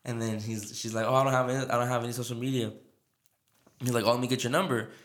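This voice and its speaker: Fast-talking man telling a story. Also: mid-range voice, level tone, fairly bright tone. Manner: rambling, laughing, lots of filler and quoted dialogue. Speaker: podcast host. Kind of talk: casual storytelling chat. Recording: echoey room.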